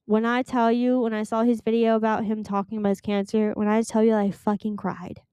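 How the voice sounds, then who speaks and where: A young woman rambles happily through her solo podcast sign-off, gushing and excitable. Her voice is smooth and clear, recorded dry and close with no room sound around it. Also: a little high, a little fast, no room sound. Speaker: podcast host. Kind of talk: casual solo podcast chat.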